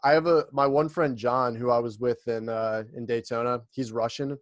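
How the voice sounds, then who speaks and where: A young man hosts a podcast in a loose, laughing, swear-filled chat. His voice sits at an ordinary middle pitch, recorded close and dry with no room sound. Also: fairly even intonation, normal speed, no room sound. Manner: laid-back, profane, laughs often. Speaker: podcast host. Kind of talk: casual chat.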